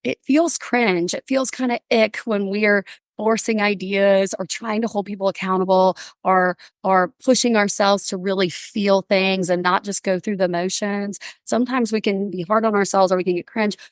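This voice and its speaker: A woman guest on a podcast, bubbly and animated, telling stories and acting out little voices in casual interview chat. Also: medium pitch, normal speed, dry recording, clean studio sound. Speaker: podcast guest, workplace wellbeing speaker.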